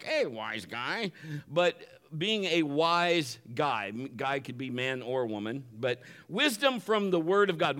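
A man's voice: a little high, fairly bright tone. A man, a pastor, opening his sermon with jokes and laughing at his own punchlines. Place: church building.

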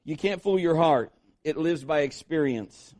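A man's voice: on the high side, unhurried, a little mellow. A man preaching a sermon as pastor, emphatic and repetitive, acting out quoted voices.

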